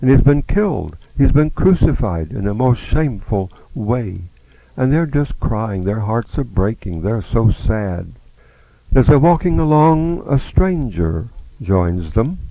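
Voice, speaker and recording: A man's voice: on the low side, animated, a little slow, no room sound. A man teaching a Bible study lesson, reading scripture aloud and acting out the speakers' lines. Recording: dry, narrow phone-like sound.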